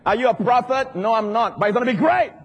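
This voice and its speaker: Pastor preaching in a big hall. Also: male voice, fast talker, husky, dull audio. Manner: animated preaching, rising to emphatic highs. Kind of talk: sermon. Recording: long reverb of a large hall.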